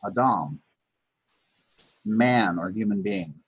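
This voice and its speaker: A man with a low, husky voice leads a live beginners' Hebrew lesson. He sounds out each word slowly and often restarts his sentences. The sound is dry and close. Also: lively intonation, dry recording. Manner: patient, repeats words slowly, many fillers and restarts. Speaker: Hebrew teacher. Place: Chabad house.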